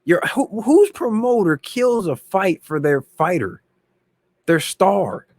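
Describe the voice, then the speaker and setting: A man hosts a boxing talk channel in slangy, animated casual commentary. His voice sits a little high and sounds dry and close, with no room behind it. He often repeats himself as he builds a point. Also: takes it slowly, dry recording.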